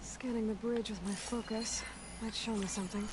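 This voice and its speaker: A woman's voice: mid-range voice, steady tone, moderate pace, natural voice. An actress playing a determined young woman hunter in a video game, thinking aloud in short, focused lines. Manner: terse, thinking aloud to herself. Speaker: game heroine. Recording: game audio over loud noise.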